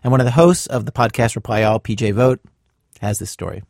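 A man's voice: mid-range voice, fairly even intonation, brisk, gravelly, a little mellow, dry recording, clean studio sound. A man hosting a radio show, conversational and lightly amused.

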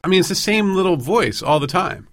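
A man telling a candid personal story, animated and self-deprecating, sometimes mimicking his inner voice. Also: sits high, a little fast, no echo, studio quality. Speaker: interviewee.

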